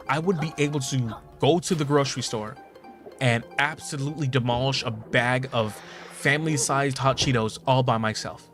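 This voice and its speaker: A man's voice: medium pitch, fairly bright tone. A man in his late twenties chatting casually while streaming a game, joking, swearing and laughing often. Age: 20s. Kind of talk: casual gaming stream chat.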